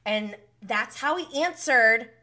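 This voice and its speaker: A woman hosting a live recap of a reality show, with a fairly high voice and a bright, sharp tone. She talks in an emotional, indignant way. She is blunt, swears freely and sometimes sounds close to tears. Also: lively intonation, slow. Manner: often close to tears while talking.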